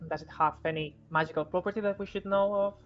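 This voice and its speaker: A man's voice: high voice, fairly even intonation, quick pace, lo-fi sound, soft background music. A man playing in a tabletop game, chatting in a playful, teasing way. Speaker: player. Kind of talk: casual tabletop chat.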